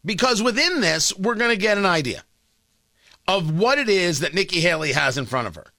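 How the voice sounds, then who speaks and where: A male radio talk show host giving opinionated political commentary, sarcastic and emphatic, with dramatic pauses. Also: sits high, very animated, pushed and bright, no echo, clean studio sound.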